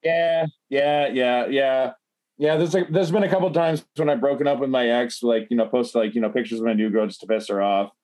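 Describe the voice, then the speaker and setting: A man's voice: medium pitch, fairly quick, a little mellow. A man telling a bar story in casual chat, rambling and profane with many fillers. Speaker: guest.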